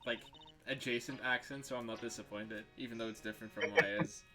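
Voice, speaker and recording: A man's voice: mid-range voice, fairly even intonation, brisk, over music. A man playing a game with friends, casually reading lines and cracking jokes that make himself laugh. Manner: jokey, ad-libbing, laughs at own jokes. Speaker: game streamer. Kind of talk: casual game playthrough, reading dialogue aloud.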